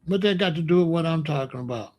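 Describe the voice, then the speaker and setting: A man's voice: on the high side, fast, a little mellow. A man, hosting a heated, blunt commentary rant full of slang. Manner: angry, blunt, slangy, repetitive. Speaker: commentary channel host.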